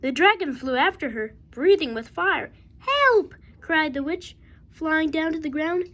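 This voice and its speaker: A woman reading a rhyming picture book aloud with a steady rhythm. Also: high voice, moderate pace. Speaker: reader.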